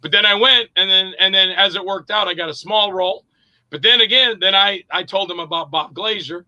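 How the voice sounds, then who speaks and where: A man's voice: high voice, brisk, lo-fi sound. A man, an actor and director, casually telling rambling anecdotes in an interview and acting out other people's lines. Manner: lively storyteller who acts out other people's lines; loose and rambling, with profanity.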